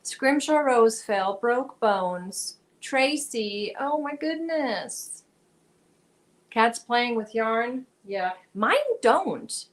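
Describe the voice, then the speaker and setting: A woman on a casual crochet livestream, her voice sitting a touch high. She chats easily with viewers while she works and reads their comments out loud. Now and then she turns aside to coo at her cat or tell it off. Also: lively intonation, extremely slow, rough recording.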